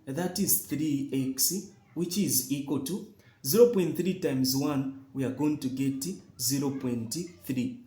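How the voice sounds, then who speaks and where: A man's voice: on the high side, darkish tone, roomy sound. A man tutoring chemistry, walking through a worked problem, repeating himself for emphasis and asking viewers if they have seen. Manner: repetitive, emphatic, addresses viewers directly. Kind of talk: chemistry lesson walkthrough.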